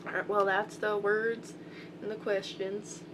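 A young woman with a strong Southern accent talks slowly through a list of words, wandering into chatty asides. She records on a laptop microphone at home. A loud electrical hum and static sit under everything. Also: mid-range voice, level tone. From Albany, Georgia, US. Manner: chatty, reads list aloud, rambling asides. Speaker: vlogger. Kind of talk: casual accent-tag video. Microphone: built-in laptop mic.

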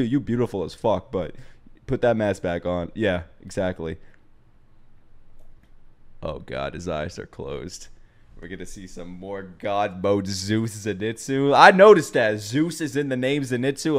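A young man hosting an anime reaction video, talking casually, swearing freely, breaking into laughs and shouts. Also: fairly low pitch, unhurried.

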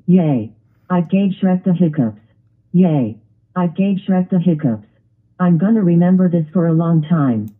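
A text-to-speech voice playing a gleeful male dinosaur prankster in a cartoon, read flatly. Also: medium pitch, a little slow, slightly rough. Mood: gloating. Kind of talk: text-to-speech grounded video. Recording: tinny phone-like lo-fi audio.

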